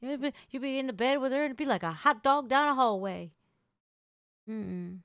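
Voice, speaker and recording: A woman hosting a casual livestream, chatting loudly and crudely with her viewers. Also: high-pitched, expressive, moderate pace, clear, resonant tone, no room sound, studio quality. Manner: loud, bubbly, crude banter with viewers. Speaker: livestream host.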